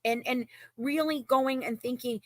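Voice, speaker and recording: A woman's voice: sits high, measured pace, dry recording. A woman talking emotionally and emphatically in a casual chat, often repeating herself.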